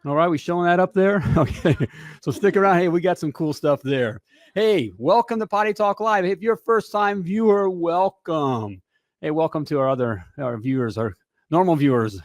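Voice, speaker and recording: A middle-aged man hosting a live talk show, energetic and repetitive, tossing in "all right?" and "hey" between lines. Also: fairly high pitch, moderate pace, no echo, studio quality.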